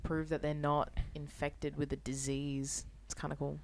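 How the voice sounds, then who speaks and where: A woman's voice: deep voice, monotone, moderate pace, a little mellow, a little hiss or hum. A young woman, a guest, chatting casually and eagerly, with lots of slang. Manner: enthusiastic, slangy. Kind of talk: casual chat.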